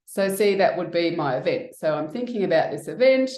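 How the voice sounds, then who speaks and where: A woman tapping coach calmly walking through a demonstration, talking herself through her own feelings as she guides the listener. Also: on the low side, a little fast. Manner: calm, reflective, talks herself through feelings. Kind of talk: instructional demonstration. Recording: echoey room.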